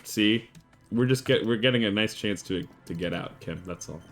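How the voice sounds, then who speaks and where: A man streaming a game, chatting casually with an animated, rambling storytelling manner. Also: on the low side, normal speed. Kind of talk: casual chat while playing a game. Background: faint game music.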